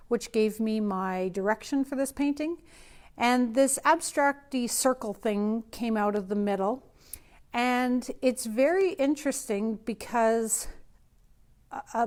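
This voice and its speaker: A woman's voice: fairly high pitch, darkish tone. A woman painter hosting a live open studio, chatting and thinking aloud as she demonstrates her process.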